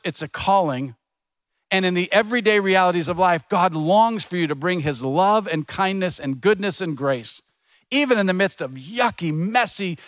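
A man's voice: high-pitched, fairly bright tone, dry recording. A middle-aged man preaching a sermon as a pastor, telling stories in a conversational way and acting out the voices of people he quotes. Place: church.

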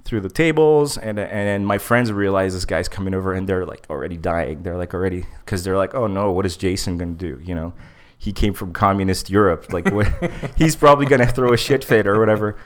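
A man's voice: low-pitched, fairly quick, hardly any pauses. A man, a comedian guest, telling a story in casual chat, acting out dialogue and laughing often.

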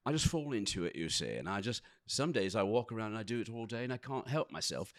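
A man who narrates audiobooks telling stories in a casual chat, animated and often laughing. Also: lowish voice, quick pace. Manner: animated, laughing, slips into put-on voices.

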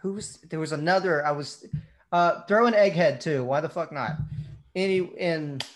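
A man with a slightly higher voice talks about movies with his friends. He is animated and enthusiastic, swears freely, and builds his ideas with a lot of energy. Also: moderate pace, a little hiss or hum. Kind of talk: casual movie chat.

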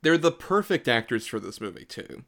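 A man's voice: mid-range voice, very animated, normal speed, gravelly, a bit bright. A man co-hosting a podcast, talking casually about a movie in a rambling way full of "like" fillers. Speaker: podcast co-host. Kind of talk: casual film chat.

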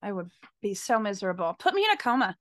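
A woman's voice: mid-range voice, very animated, quick pace, fairly bright tone, dry recording, clean studio sound. A woman co-hosting a podcast, blunt and wry, swearing casually in chat. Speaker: podcast co-host, streamer.

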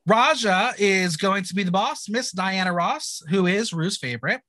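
A man's voice: high voice, expressive, normal speed, bright, forceful tone, no room sound. A man hosting a casual recap chat, playful and theatrical, teasing his co-host. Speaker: podcast host.

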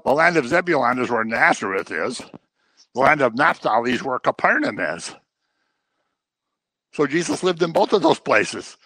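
Animated, bright-voiced male preacher. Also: fairly high pitch, no room sound. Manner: animated, acts out voices of people he quotes. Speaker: pastor. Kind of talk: sermon.

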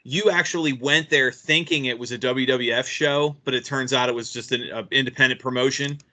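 A man's voice: medium pitch, fairly even intonation, brisk, bright, forceful tone. A man hosting an interview, casually asking about a guest's book. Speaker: podcast host. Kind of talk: interview questions.

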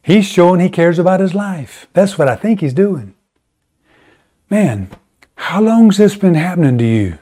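A man's voice: animated, unhurried, mellow. Emphatic, conversational preacher man. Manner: conversational, emphatic preaching with sudden pitch rises. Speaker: pastor. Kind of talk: sermon.

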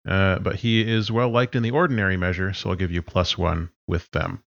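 A man acting as game master, explaining rules and setting up a tabletop game in a relaxed way. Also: low-pitched, fairly quick, creaky, dry recording, muffled recording.

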